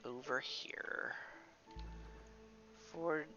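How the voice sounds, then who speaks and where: Speaking extremely slowly in a low, bright, forceful voice with fairly even intonation, a woman streamer with a stuffy nose chats to herself as she plays. Her let's play commentary is wry and sarcastic. Faint background music accompanies a slightly dull recording.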